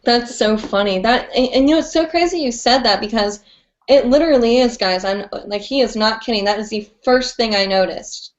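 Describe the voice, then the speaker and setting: A woman's voice: fairly high pitch, fairly quick. A woman hosting a live online chat show, bubbly and chatty with lots of "like"s. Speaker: host. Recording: dull lo-fi stream audio.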